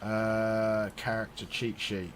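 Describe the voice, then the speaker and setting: A man running a tabletop game as dungeon master, talking in a relaxed way with many fillers. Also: lowish voice, slow, clean tone.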